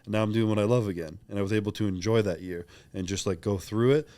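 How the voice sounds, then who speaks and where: A man's voice: fairly low pitch, fast, dark tone, dry recording. A young man talking openly and reflectively as a podcast guest, rambling with many fillers in casual interview chat.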